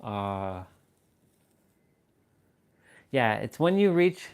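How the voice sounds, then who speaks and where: A man's voice: on the low side, sing-song, smooth. Laid-back man chatting on a livestream. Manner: rambling and self-amused, drops to a slow hushed intensity. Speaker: livestream host. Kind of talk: casual livestream chat. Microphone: camera on tripod at eye level.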